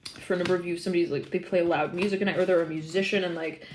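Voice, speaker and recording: A woman's voice: on the low side, steady tone, rapid-fire, a little mellow, slight background noise. A woman doing a live tarot reading, chatty and giggly and rambling with many fillers. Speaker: tarot reader.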